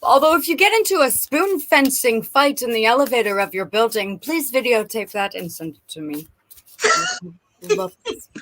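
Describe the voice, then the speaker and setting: A woman giving a playful live tarot reading, animated and quick to laugh. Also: a little high, a little hiss or hum. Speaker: tarot and oracle card reader. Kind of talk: live-stream card reading.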